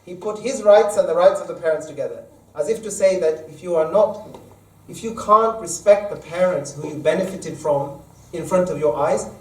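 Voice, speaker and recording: A man with a high-pitched, darkish voice speaks at a normal pace, preaching the Friday sermon as imam and clarifying the Arabic verses he recites in everyday terms. The recording carries the echo of the mosque hall and a far-off microphone.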